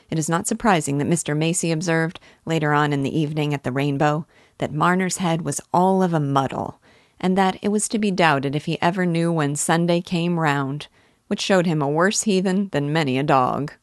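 A woman teaching literature, reading a novel aloud in a measured, even way. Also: low voice, no room sound, studio quality.

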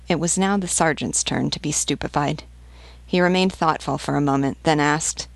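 A woman teacher reading a novel aloud in a measured, expressive way. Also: low-pitched, creaky, dry recording.

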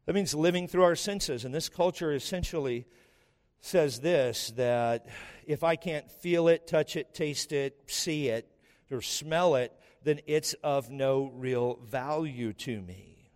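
A man's voice: a little high, slow, darkish tone, long reverb tail. A man preaching a sermon as pastor, emphatic and impassioned, firing rhetorical questions at the congregation. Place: church sanctuary.

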